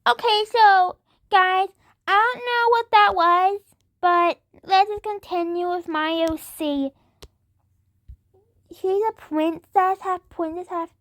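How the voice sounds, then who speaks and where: A woman voicing a bratty, whiny younger sister in a POV skit, shrill and indignant. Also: takes it slowly, fairly bright tone, no room sound, clean studio sound, exaggerated voice. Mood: chatty. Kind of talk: POV skit role-play.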